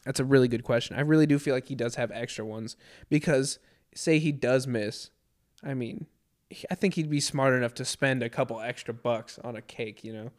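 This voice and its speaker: A man hosting a casual podcast chat, animated and laughing often, with plenty of slang asides. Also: mid-range voice, brisk. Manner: laughs often, says "bro" and "dude" a lot, animated. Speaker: podcast host.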